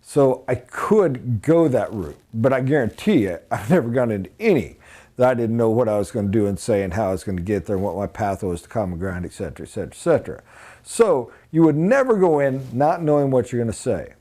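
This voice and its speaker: A man giving a sales training talk, animated and emphatic, blunt and informal, with sudden loud high bursts. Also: fairly quick.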